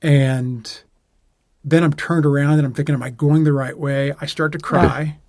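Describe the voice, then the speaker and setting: A man co-hosting a podcast, telling a personal story in a halting, reflective way with many restarts. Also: on the high side, steady tone, a little mellow, no room sound, studio quality. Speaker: podcast co-host. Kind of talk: casual conversation, personal story.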